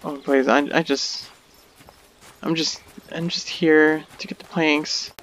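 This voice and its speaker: Panicky high-voiced man gaming. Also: flat delivery, slow pace, fairly bright tone. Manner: panicky, exclamatory, talking to himself. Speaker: gamer. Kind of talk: let's play commentary.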